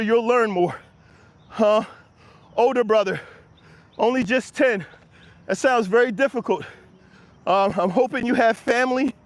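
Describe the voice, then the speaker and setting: Breathless high-voiced man hyping his viewers. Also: dry recording. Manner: energetic, encouraging, answers viewers' comments. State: slightly out of breath from walking. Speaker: motivational livestream host. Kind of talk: live walk-and-talk motivational chat. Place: outdoors on an early-morning walk. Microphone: handheld camera while walking.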